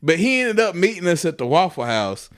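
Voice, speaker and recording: A man's voice: sits high, very animated, a little fast. A young man, telling a profane, laughing story as a podcast co-host. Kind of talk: casual storytelling.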